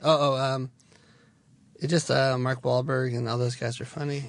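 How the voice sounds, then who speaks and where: A man in his thirties with a gravelly, creaky edge to his voice gives movie reviews in loose studio banter. He talks in short, simple sentences full of ums and uhs. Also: medium pitch, flat delivery. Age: 30s. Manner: halting, simple sentences with many fillers. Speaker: show staffer giving movie reviews.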